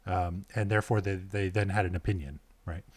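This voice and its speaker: A man's voice: low-pitched, fairly even intonation, brisk, no room sound. A man who is a podcast guest and an author, talking in a thoughtful, inquisitive way in casual conversation.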